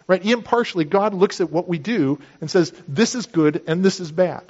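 A man's voice: high voice, moderate pace, few pauses, a little mellow, lo-fi sound. A man preaching a sermon in a conversational manner, explaining with everyday illustrations. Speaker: pastor.

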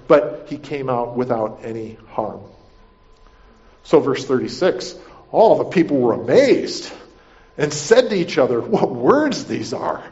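A pastor with a slightly high, slightly mellow voice preaches a conversational sermon, frequently asking "right?" and repeating himself while explaining the passage. The recording is dull and lo-fi.

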